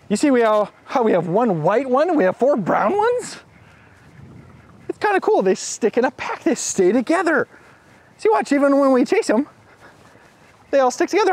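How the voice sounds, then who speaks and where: A man with a bright, high voice presenting to small children outdoors by a farm pen. His pitch leaps up and down wildly as he gasps in excitement and sing-songs animal noises. He sounds like a kids' show host. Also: normal speed.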